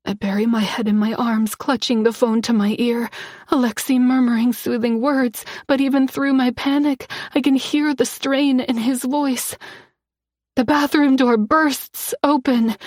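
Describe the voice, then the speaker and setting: A woman's voice: a little high, fairly even intonation, a little slow, darkish tone, no echo, studio quality. A woman reading a first-person romance thriller audiobook, tense and dramatic, often dropping to a whisper. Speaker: audiobook narrator.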